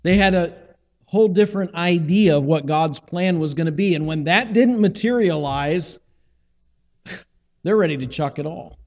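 Preaching in a chatty way, a man acts out the lines of scripture dialogue while retelling biblical scenes. He's a pastor whose voice sits on the high side and moves at normal speed; the recording is muffled, with big-room acoustics.

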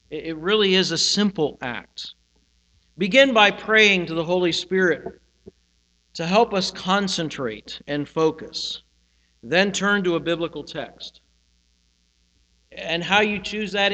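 A male pastor giving a sermon, teaching in a slow, reflective way and pausing on single words. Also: sits high, pushed and bright. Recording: hall reverb with mains hum.

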